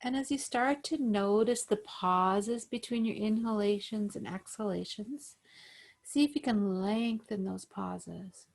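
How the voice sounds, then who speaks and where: Slow, gentle woman guiding yoga breathing. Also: medium pitch, creaky. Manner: slow, gentle, soothing guidance. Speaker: yoga instructor. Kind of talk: guided breathing instruction over video call.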